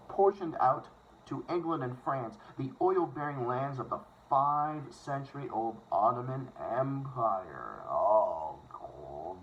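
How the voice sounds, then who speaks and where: Reading a book aloud casually, this medium-pitched male host breaks off into profane, sarcastic rants between passages. He trips over words and fixes them as he goes, and the dull phone recording carries a faint hiss.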